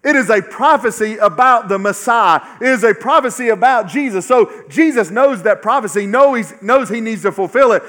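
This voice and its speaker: A man with a notably high voice preaching a sermon in church. He drives his points home by repeating them with emphasis. Then he lets many lines sink to a hushed, low close. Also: lively intonation, moderate pace, hardly any pauses. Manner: emphatic, repetitive, often dropping to a low quiet finish. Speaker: pastor.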